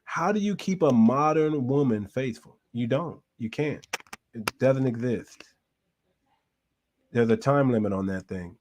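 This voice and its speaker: A man's voice: mid-range voice, animated, a little slow, a little mellow, slight background noise. A man hosting a reaction show, giving casual commentary with emphatic repetition and frequent restarts.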